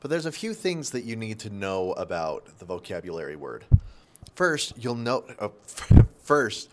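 Male teacher, lowish voice, relaxed conversational delivery with asides. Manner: conversational, with self-corrections and asides. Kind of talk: casual classroom lesson. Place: local area near Salt Lake.

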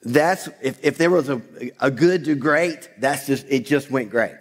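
A pastor preaches a sermon in a church sanctuary, his mid-range voice unhurried and with hardly any pauses, over soft background music. He quotes scripture, asks questions and answers them himself, and has the congregation repeat lines back. The recording carries a long hall reverb.

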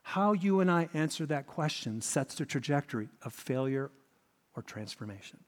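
A man preaching a sermon as pastor, telling the story with expressive, dramatic emphasis. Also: on the high side, normal speed. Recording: reverberant hall.

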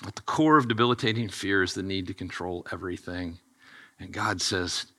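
A middle-aged man preaching a sermon in a very bright, forceful voice. He is animated, swinging from hushed intensity to excited bursts as he acts out the dialogue. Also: deep voice, fairly quick. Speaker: pastor.

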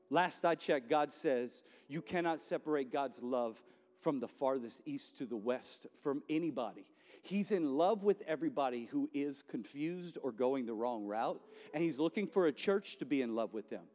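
A man's voice: mid-range voice, animated, normal speed, darkish tone, long reverb tail, faint music behind. Impassioned male pastor preaching in chapel. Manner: impassioned, conversational, repeats key lines. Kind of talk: sermon.

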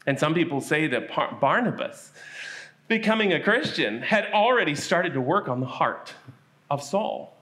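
A man telling a Bible story at a children's church service, animated and asking the kids questions. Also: a little high, normal speed.

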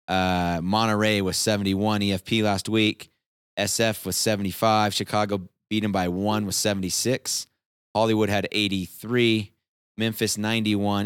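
A man's voice: fairly low pitch, clean tone, no echo, clean studio sound. A man hosting a casual team chat, reading out results with upbeat energy. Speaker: host.

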